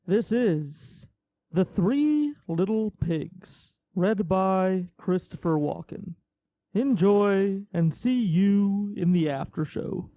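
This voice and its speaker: A man's voice: high voice, animated, slow, background noise. A man hosting a podcast in a casual, joking way. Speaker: podcast host.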